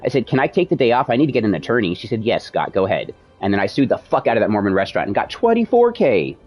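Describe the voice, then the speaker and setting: A man's voice: on the low side, quick pace, muffled recording. A man streaming, casually telling a long personal story, acting out the dialogue with plenty of swearing. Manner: animated, profane retelling with quoted dialogue.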